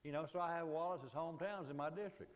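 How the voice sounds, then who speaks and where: A man's voice: fairly high pitch, fast, big-room sound, low-quality recording. Folksy older Southern man telling stories. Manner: folksy, anecdotal, frequent "you know". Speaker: guest speaker. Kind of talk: storytelling lecture. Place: lecture hall.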